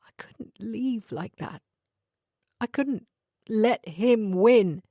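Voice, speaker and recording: Woman voicing a distraught, hoarse young man. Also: fairly high pitch, warm tone, no echo, clean studio sound, voice pushed up, full character voice. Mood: hoarse whisper. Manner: broken, halting whispers.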